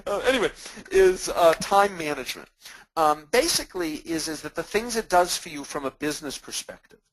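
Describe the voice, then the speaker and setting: A man's voice: a little high, fairly quick, no room sound, poor audio. A middle-aged man from Massachusetts presenting a webinar, acting out sample dialogues and cracking small jokes. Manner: animated, acts out customer dialogues, self-deprecating jokes. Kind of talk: webinar talk with examples.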